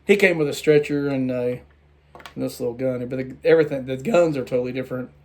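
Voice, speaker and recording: A man at a middle pitch talks through his toy collection in a loose, casual vlog. He is tired from the late hour and rambles, stumbling and restarting his sentences as he goes. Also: fast, a little mellow.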